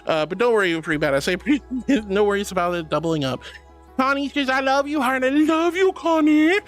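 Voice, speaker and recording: An affectionate woman streamer chats casually and reads out her live chat, calling viewers sweetie and honey. Her bubbly voice is lively and jumps up and down in pitch. Soft music plays faintly underneath. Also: fairly quick.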